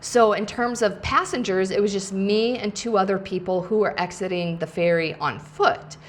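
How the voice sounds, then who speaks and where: A woman host tells a personal travel story in an easygoing, conversational way. She pads her sentences with "like" and acts out the lines of the people she met. Her pitch stays in a middle range. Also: normal speed, a little hiss or hum. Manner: chatty, many "like" fillers, acts out quotes. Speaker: podcast host and coach. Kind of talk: casual storytelling.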